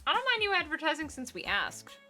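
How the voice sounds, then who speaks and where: Woman co-streamer, jokey and excitable, bright crisp tone. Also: high voice, fairly quick, faint music behind. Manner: chatty, joking, excitable. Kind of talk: casual chat over gameplay.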